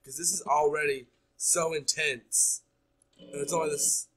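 A gaming YouTuber plays a horror game, talking his audience through it with nonstop, jumpy chatter. His voice is on the high side, steady and a little slow. Music plays underneath, and the recording is rough.

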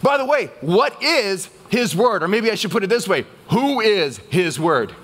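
High-voiced man preaching a sermon. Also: very animated, measured pace, fairly bright tone. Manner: preaching with call-and-response questions to the congregation. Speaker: pastor. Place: church.

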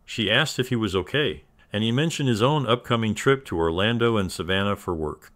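Deep-voiced man narrating a story. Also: a little fast, fairly bright tone. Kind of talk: scripted narration.

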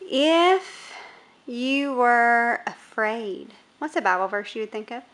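A young woman filming her children at home on a phone. She has a high, bright voice. She talks slowly and patiently, drawing the kids out with one encouraging question after another. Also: lively intonation. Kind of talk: casual home video. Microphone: phone camera held while filming.

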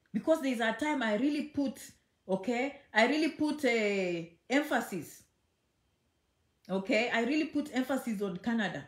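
Chatty, emphatic woman in an echoey room. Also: fairly high pitch. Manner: chatty and emphatic, repeats phrases, teasing. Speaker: immigration vlogger. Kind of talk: casual direct-to-camera talk.

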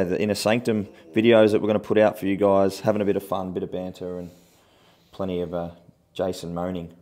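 Australian male therapist, slightly low voice, relaxed and jokey. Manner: easygoing, laid-back, laughs often. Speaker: massage therapist co-host. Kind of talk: casual banter during a massage session.

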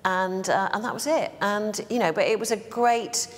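Chatting as a guest in a relaxed interview, this make-up artist from Bristol, England, in her sixties, rambles through stories, often restarting and using fillers. She speaks at a normal pace in a mid-range voice, and the room leaves a long reverb tail.

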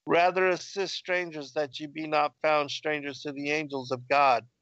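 A man reading the lines of a young woman praying in captivity, in a plain, measured way. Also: fairly high pitch, level tone, a bit bright, no room sound, dull audio, close to an everyday voice. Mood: pleading.

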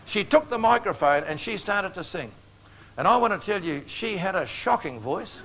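Older male evangelist, earnest and animated. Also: sits high, moderate pace, background noise. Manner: animated, earnest storytelling with altar-call appeals. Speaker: evangelist preacher. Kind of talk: evangelistic sermon with storytelling.

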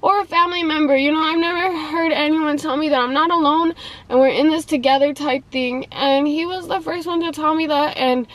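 A woman's voice: high voice, fairly even intonation, a little fast, fairly bright tone, poor audio. A young woman vlogger chatting casually and confessionally, rambling and filling her talk with "like" and "you know".

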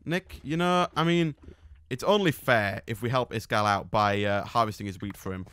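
A man's voice: lowish voice, normal speed, fairly bright tone, clean tone. A young man chatting and teasing his friend as host of a casual gameplay video. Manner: chatty, teasing, laughs often. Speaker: let's play host.

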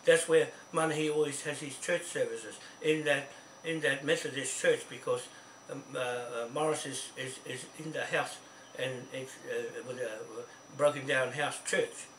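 On a phone call, a man with a New Zealand accent rambles insistently, restarting often, repeating words and frequently asking "see?". His medium-pitched, slightly bright voice is steady and a little slow, and the audio is echoey and distant with faint hiss.

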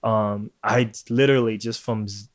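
This Puerto Rican man runs a laid-back podcast where he rants, curses heavily and laughs often. His voice sits on the low side, steady in tone and moderate in pace.

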